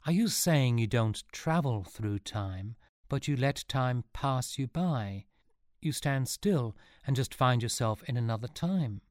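A man's voice: medium pitch, animated, a little slow, no room sound, clean studio sound, natural voice. A man voicing a bewildered, earnest young boy who keeps asking puzzled questions.

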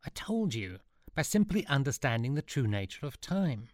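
A man's voice: mid-range voice, sing-song, moderate pace, darkish tone, no room sound, pitched above the performer's own voice, natural voice. A smug, sneering older boy, voiced by a man reading a story, condescending in every word. The storybook voice is slightly raised and sounds close and dry. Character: tall, superior, sneering boy.

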